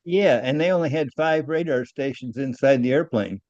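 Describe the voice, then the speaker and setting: An older man recounting his engineering days in a halting, repetitive way, with little chuckles along the way. The sound is a bit dull and very dry, as if recorded close up. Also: medium pitch, darkish tone, dry recording. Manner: halting, repeats words, chuckles at own stories. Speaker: retired aircraft engineer guest. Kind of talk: casual interview talk.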